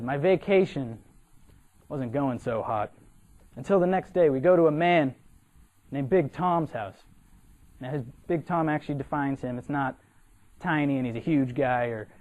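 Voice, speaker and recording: A young man from Massachusetts, a cadet, giving an animated, humorous storytelling speech for a competition and acting out the people in his story. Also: medium pitch, lo-fi sound. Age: young adult.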